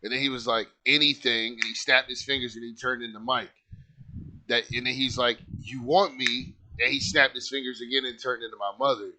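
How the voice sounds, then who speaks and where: A man's voice: medium pitch, steady tone, fast, sharp tone. A man casually telling a personal story, loose and profane, with lots of filler words.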